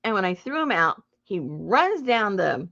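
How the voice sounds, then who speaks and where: Animated gravelly-voiced woman telling a story. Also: mid-range voice, measured pace. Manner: animated, breaks into laughter and loud acted outbursts. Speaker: junk journal crafter and channel host. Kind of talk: casual storytelling to viewers. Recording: dull lo-fi home recording.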